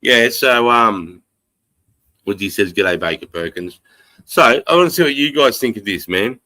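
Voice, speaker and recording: A man's voice: medium pitch, animated, measured pace, bright, forceful tone, no room sound, poor audio. An Australian man hosting a casual live stream, rambling, swearing freely and reading out chat comments. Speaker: livestream host. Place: home in the countryside.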